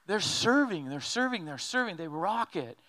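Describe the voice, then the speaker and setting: A man preaching a sermon in an animated, joking way, acting out quotes as he goes. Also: high voice, normal speed. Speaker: pastor.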